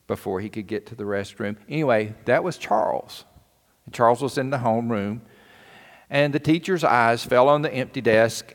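Male preacher telling a story, folksy and earnest, lowish voice, long echo. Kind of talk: sermon storytelling. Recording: long hall reverb.

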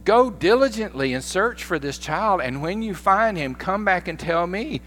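A man's voice: high-pitched, animated, normal speed, fairly bright tone, long reverb tail, a little hiss or hum, pitched above the performer's own voice. A man voicing a paranoid, power-hungry old king with a sly, mock-casual manner. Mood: false humble.

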